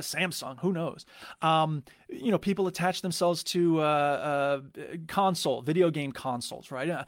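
A man's voice: on the high side, no room sound, studio quality. A man hosting his own show, talking through ideas in a casual, rambling way with many restarts and fillers. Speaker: podcast host. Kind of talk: casual spoken commentary.

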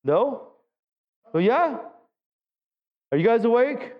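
A man's voice: very high-pitched, very animated, slow pace. A male pastor giving a sermon in a church, talking with the congregation and asking them questions. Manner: conversational preaching, asks the congregation questions. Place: church sanctuary. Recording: dull lo-fi sound with long hall reverb.

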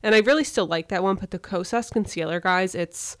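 A woman's voice: medium pitch, fairly quick, fairly bright tone, no room sound, studio quality. A young woman co-hosting a podcast, chatting casually and swearing freely. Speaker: podcast co-host. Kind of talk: casual chat.

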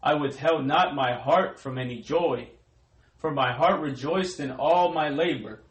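Man reading scripture in an echoey room. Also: a little high. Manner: slow, measured recitation of old-style verse. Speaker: scripture reader.

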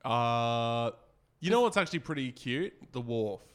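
A man's voice: medium pitch, animated, measured pace, clear, resonant tone. A man giving a recommendation in a casual chat, hesitating with lots of fillers and crude jokes. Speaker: podcast co-host.

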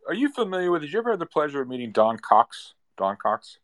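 A man's voice: on the high side, big pitch swings, quick pace, a bit bright. A man hosting an interview, telling stories with enthusiasm and stumbling through restarts as he asks questions. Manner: enthusiastic storyteller, many restarts and stammers. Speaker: host.

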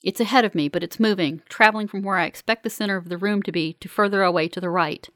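A woman reading a first-person story aloud in a calm, measured, earnest way. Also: medium pitch, dry recording, clean studio sound. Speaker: narrator. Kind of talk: first-person audiobook narration.

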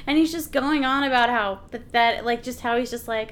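A woman's voice: a little high, brisk, fairly bright tone. A woman in casual chat about a film, enthusiastic and laughing, swearing freely. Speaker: podcast co-host discussing a film.

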